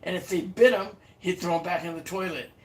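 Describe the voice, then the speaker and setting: A man's voice: high voice, fairly even intonation, fairly quick, far from the mic, rough recording. A man co-hosting a casual chat, mostly giving brief agreeing replies and telling the odd story. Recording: off-mic with faint background noise.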